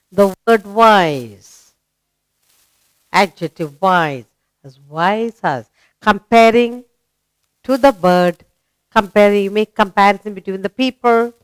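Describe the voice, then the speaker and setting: A woman teaches little children, slowly and patiently. Her voice is smooth and clear, recorded close and dry with no room sound. She asks many sing-song questions. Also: mid-range voice, fairly bright tone, no echo, poor audio. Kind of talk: children's grammar lesson.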